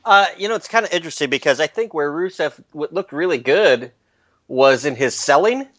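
A man's voice: on the high side, animated, a little fast, fairly bright tone, no echo. A man talking thoughtfully as a panelist on a casual podcast, with chuckling asides.

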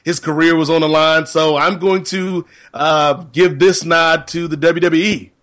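A man's voice: a little high, fairly even intonation, a little slow, fairly bright tone. A man co-hosting a podcast, giving his opinion in a thoughtful, conversational way. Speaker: podcast co-host. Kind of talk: casual chat.

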